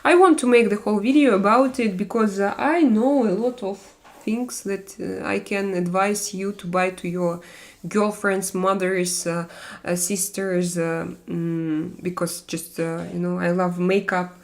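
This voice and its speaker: A woman in her forties with a Russian accent hosts a casual live stream in her second language. She chats with viewers in halting English, full of fillers and restarts, with a mid-range voice. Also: medium pitch, fairly even intonation. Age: 40s. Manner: halting, many fillers and restarts, non-native grammar.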